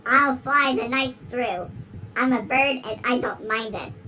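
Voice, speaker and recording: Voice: medium pitch, unhurried, pushed and bright, slight background noise, rough recording. A performer voicing a giggly big-lipped alligator who gives a dramatic rhyming storybook reading. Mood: storytelling. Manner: reads in rhyme and keeps breaking into giggles.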